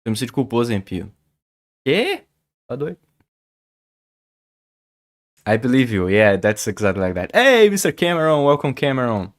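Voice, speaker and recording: A man's voice: medium pitch, big pitch swings, normal speed, long pauses. A man, a Portuguese speaker, chatting casually with viewers on a chess stream, often stammering and repeating words. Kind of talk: casual livestream chat.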